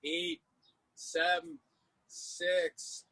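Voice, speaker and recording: A man's voice: on the high side, level tone, extremely slow, pushed and bright, rough recording. A man coaching a live-streamed workout class, calling out exercises, cues and countdowns with lots of energy. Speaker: fitness coach.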